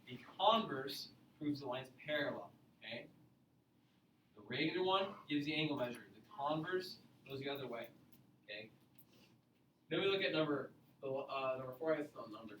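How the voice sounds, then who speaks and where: A man's voice: medium pitch, animated, a little fast, fairly bright tone. A man teaching a geometry lesson to a class, explaining patiently and checking in with "okay?" after each point. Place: classroom with students. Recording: echoey classroom, mic far off, faint noise.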